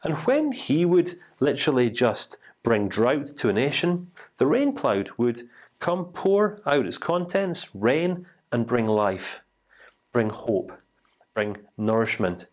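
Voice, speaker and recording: A man teaches by telling a story, relaxed and conversational, asking his listeners if they are following along. His voice sits in a middle range. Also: medium pitch, slow pace. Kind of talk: storytelling lesson.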